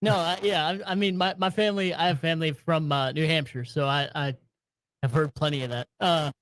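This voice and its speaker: High-voiced man with a Southern-northern accent. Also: fairly even intonation, a little fast, fairly bright tone, no room sound. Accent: Southern US with northern traces. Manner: laid-back, agreeable, lots of fillers. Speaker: podcast co-host. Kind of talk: casual sports podcast chat.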